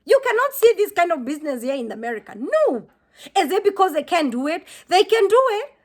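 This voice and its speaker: A high-pitched woman from Kenya speaks to her viewers in an earnest vlog. She pleads and lectures with deep feeling and says key words twice. Her bright voice keeps pushing. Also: very animated, brisk. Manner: impassioned, preachy, repeats herself. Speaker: vlogger.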